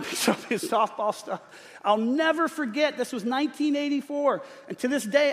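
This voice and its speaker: Man, middle-aged, pastor, humorous animated storytelling, high voice, reverberant church hall. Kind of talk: sermon storytelling. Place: church sanctuary.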